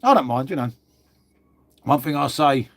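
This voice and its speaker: A man's voice: medium pitch, lively intonation, moderate pace, vocal fry. An adult man, hosting a casual livestream and chatting with viewers, blunt and sweary, calling everyone "mate". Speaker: livestream host.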